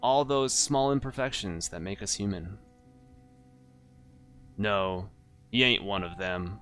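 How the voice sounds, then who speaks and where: A man voicing a gruff, wry noir private detective with a put-on Southern US drawl. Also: fairly low pitch, takes it slowly, fairly bright tone, faint music behind. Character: tough hard-drinking noir private detective.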